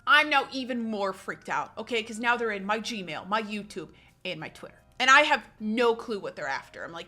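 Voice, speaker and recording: A woman's voice: mid-range voice, lively intonation, moderate pace, pushed and bright. A young woman telling a story on her vlog, dramatic and self-mocking, acting out her own panicked lines.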